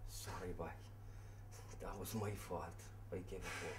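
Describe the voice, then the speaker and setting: An actor with a Cork accent playing a hot-tempered young jilted boyfriend who swears constantly. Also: male voice, sits low, little pitch movement, moderate pace, background noise, close to an everyday voice. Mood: rueful. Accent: Cork Irish. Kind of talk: film acting.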